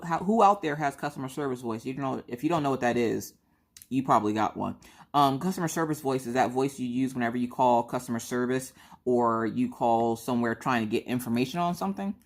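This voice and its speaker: Low-voiced chatty woman vlogger. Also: a little fast. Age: middle-aged. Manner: chatty, animated, acts out quotes of herself and her kids. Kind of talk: casual storytelling ramble.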